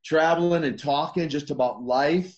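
A man's voice: on the high side, normal speed, a little mellow, dull audio. A man in his sixties, a former wrestler as guest, telling stories animatedly, laughing and restarting his sentences. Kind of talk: casual interview storytelling.

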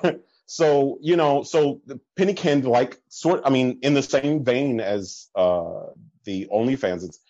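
A man talking as a podcast guest, telling stories in an animated way and acting out what people said. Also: mid-range voice, measured pace, dry recording, lo-fi sound. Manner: animated storytelling with laughs and quoted voices. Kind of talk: casual conversation.

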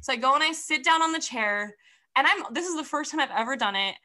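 A young woman telling a story in casual chat, animated and full of "like" fillers. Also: high-pitched, fast.

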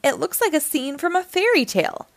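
A woman's voice: sits high, sing-song, a little fast, vocal fry, no echo, pitched above the performer's own voice, full character voice. A woman voicing a curious little girl who gushes with wonder. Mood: amazed. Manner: gushing, squealing with wonder.

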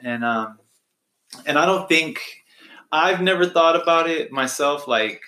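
A man talking as a podcast guest, reflective and halting, with many restarts. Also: on the high side, expressive, sharp tone, reverberant. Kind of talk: casual conversation.

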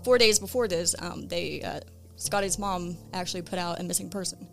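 A woman's voice: fairly low pitch, a little fast, gravelly, faint music behind. Casual woman podcast host recounting a case. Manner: relaxed, conversational, with frequent "um" and "uh". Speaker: true crime podcast host.

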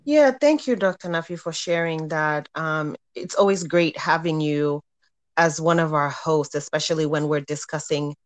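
A woman's voice: deep voice, normal speed, no echo. A woman hosting a casual panel discussion, thanking a guest and asking long, searching questions. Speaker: host.

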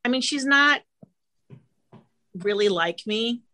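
A middle-aged woman, an actress guest on a podcast, telling her stories in a lively, animated way. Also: on the high side. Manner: animated, quick storytelling with lively vocal swings. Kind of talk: casual interview storytelling.

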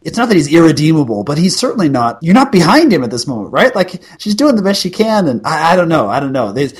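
A man's voice: a little high, sing-song, quick pace, husky. A man co-hosting a casual movie review chat, rambling and correcting himself as he works through his points. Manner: rambling, self-correcting, thoughtful. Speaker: podcast co-host.

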